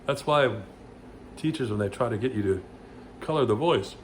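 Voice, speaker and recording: A man's voice: medium pitch, animated, normal speed, slight background noise. Rambling man coaching voice exercises. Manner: rambling, with many restarts and loud sung vowel demos. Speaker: vocal coach. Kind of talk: casual vocal lesson with demonstrations.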